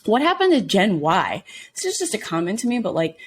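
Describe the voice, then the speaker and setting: A woman from Mississippi with a Southern accent, co-hosting a podcast in casual, animated chat and swearing freely. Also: medium pitch, a little fast, slightly rough. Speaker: podcast co-host.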